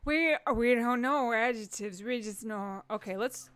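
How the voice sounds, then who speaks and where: A woman comedian hosting a live stream, joking playfully with the audience and jumping into excited quoted voices. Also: fairly high pitch, slow pace, pauses often, clear, resonant tone, no room sound.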